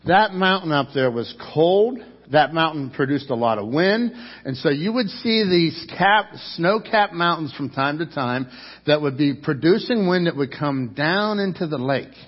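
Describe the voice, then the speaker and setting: A man preaching a sermon with a husky voice pitched a little high. He swings from loud, raised passages to hushed asides and acts out the quoted lines. The sound is dull and lo-fi, with a long echo from the hall. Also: lively intonation, unhurried. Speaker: pastor.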